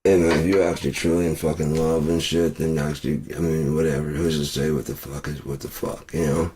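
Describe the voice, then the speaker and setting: A man ranting angrily to camera, swearing constantly and breaking into shouts. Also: very deep voice, level tone, brisk. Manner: profane and furious, shouting at times. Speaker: vlogger. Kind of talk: angry political rant.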